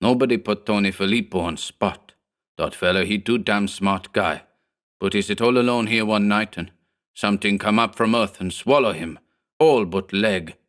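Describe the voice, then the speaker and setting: A man's voice: on the low side, normal speed, a bit bright, natural voice. A man voicing a big, superstitious gangland thug who talks in broken English and pleads with his boss. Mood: hushed, fearful. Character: hulking hog-necked male thug, fearful.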